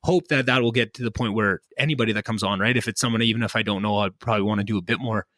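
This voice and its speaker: A man's voice: fairly low pitch, racing, a bit bright, no room sound. A young man hosting a podcast, chatting casually and rambling with many restarts and self-deprecating asides. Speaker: podcast host. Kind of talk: casual chat. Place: home basement. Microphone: podcast mic.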